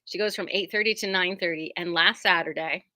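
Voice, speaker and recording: Bright, chatty quilt shop woman. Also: fairly low pitch, steady tone, fairly quick, no echo. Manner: chatty, rambling, self-deprecating. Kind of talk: casual product showcase. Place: fabric shop.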